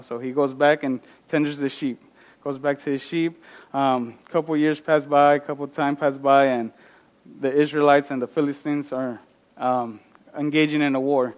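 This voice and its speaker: A man casually retelling a Bible story and reading scripture aloud, often pausing with fillers. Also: fairly high pitch. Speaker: Bible teacher.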